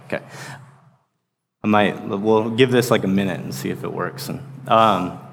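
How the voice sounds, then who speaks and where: Casual young pastor in a big hall. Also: male voice, lowish voice, normal speed, gravelly, slightly rough. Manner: casual, rambling with frequent fillers. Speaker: associate pastor. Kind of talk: sermon. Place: church sanctuary. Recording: long reverb of a large hall.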